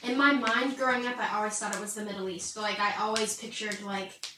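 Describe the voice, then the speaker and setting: A woman's voice: mid-range voice, steady tone, a little fast, recorded from a distance. Chatty woman in an echoey room. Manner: chatty, laughs often, many "like"s. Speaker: Bible study co-host. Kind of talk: casual Bible discussion. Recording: echoey room, off-mic, faint noise.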